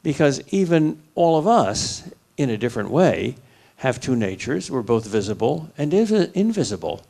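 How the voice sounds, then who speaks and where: A man's voice: mid-range voice, big pitch swings, moderate pace, gravelly, dark tone. An older American man, a philosophy professor, explaining his ideas in steps at a public university forum, with a dry joke now and then. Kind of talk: lecturing answer at a public forum. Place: university lecture hall.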